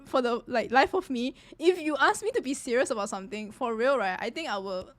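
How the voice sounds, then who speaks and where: A woman's voice: on the high side, animated, fairly quick, hardly any pauses, no echo. A woman streamer chatting casually while reacting to game scenes, giggling easily and apologizing often. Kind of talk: casual live-stream chat.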